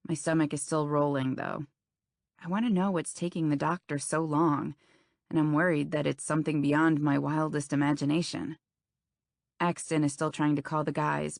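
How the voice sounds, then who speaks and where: Romance audiobook narrator, young woman, low and gravelly, intimate first-person read. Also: a little mellow, no room sound, clean studio sound. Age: young adult.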